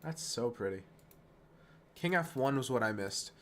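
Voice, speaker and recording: A man streaming chess, talking fast and self-mocking through move lines, dropping to quiet muttering when frustrated. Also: mid-range voice, expressive, slight background noise. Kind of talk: casual live-stream game commentary.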